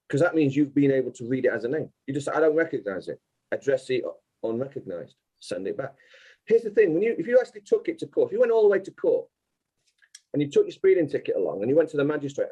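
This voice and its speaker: Insistent man with a dark, husky voice. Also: on the high side, sing-song, brisk, poor audio. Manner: insistent, explains step by step. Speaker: guest. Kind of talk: explanatory interview talk.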